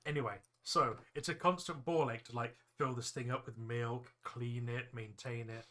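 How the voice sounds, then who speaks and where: A man's voice: mid-range voice, steady tone, moderate pace, bright, forceful tone. A man streaming live, telling a story in casual chat, dry and fussy about the right words.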